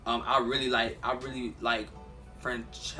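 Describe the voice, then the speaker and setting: A man's voice: medium pitch, flat delivery, unhurried, sharp tone, faint music behind. A man telling a casual storytime while eating, rambling with lots of fillers and repeated restarts. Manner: often repeats himself and restarts. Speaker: vlogger.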